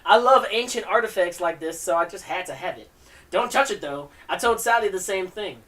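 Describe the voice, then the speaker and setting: A woman's voice: fairly low pitch, expressive, brisk, a bit bright, far from the mic, voice pushed up. A woman voicing a friendly middle-aged father who collects artifacts, in a chatty, upbeat manner.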